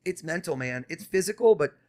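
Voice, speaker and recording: Young guy talking super fast, kinda high voice, pushy and animated, doing mentalist tricks on a podcast. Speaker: mentalist guest. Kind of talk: casual podcast talk with live mind-reading.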